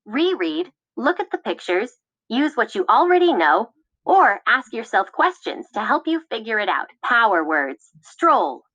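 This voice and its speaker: A woman reading scripted classroom instructions in a clear, measured, teacherly way. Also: on the high side, very animated, fairly bright tone, no room sound, highs cut off. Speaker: lesson narrator.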